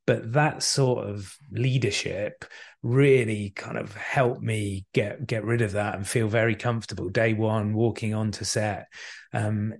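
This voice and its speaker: A man's voice: lowish voice, vocal fry, husky. A man in his thirties, a podcast guest, talking reflectively and telling anecdotes with many restarts. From England. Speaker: podcast guest, actor and director. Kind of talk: conversational storytelling.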